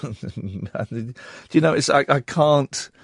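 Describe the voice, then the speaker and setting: Lively, rambling radio host. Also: male voice, medium pitch, slow pace, gravelly, husky, no echo, studio quality. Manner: rambling, excitable, self-mocking. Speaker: radio presenter. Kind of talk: late-night phone-in radio chat. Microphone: studio microphone.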